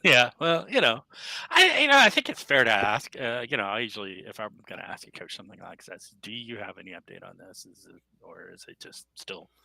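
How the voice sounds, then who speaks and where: Gravelly, bright-toned man chatting sports. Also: medium pitch, sing-song, a little fast, dry recording, rough recording. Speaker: podcast co-host. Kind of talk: casual sports chat.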